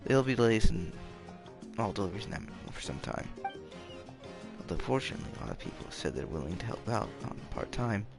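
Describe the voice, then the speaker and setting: A man's voice: on the low side, sing-song, brisk, gravelly. A man rambling goofily and mocking himself while playing a game late at night, keeping his voice down. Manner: rambling, goofy, playfully self-mocking. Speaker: game streamer. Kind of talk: hushed late-night gaming chatter. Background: game music.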